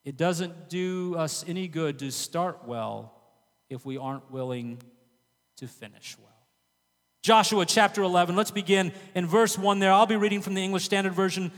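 High-voiced preacher in a reverberant hall. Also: male voice, normal speed. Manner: conversational asides between reading, occasional fillers and restarts. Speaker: pastor. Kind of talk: sermon with scripture reading.

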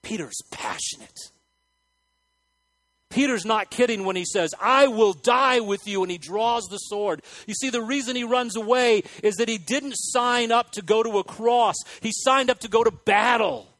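A man with a fairly high voice preaches to his congregation, swinging between hushed, earnest asides and sudden loud bursts. The sound is dry and close, with little room echo. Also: normal speed. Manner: animated preaching with sudden loud acted outbursts and quiet asides. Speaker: pastor. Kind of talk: sermon. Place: church hall with congregation.

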